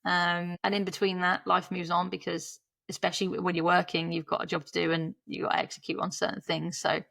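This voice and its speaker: A woman's voice: lowish voice, little pitch movement, brisk, gravelly, fairly bright tone, dry recording. A woman in her thirties, a podcast guest telling her story in a chatty, candid way, laughing often and breaking off mid-sentence.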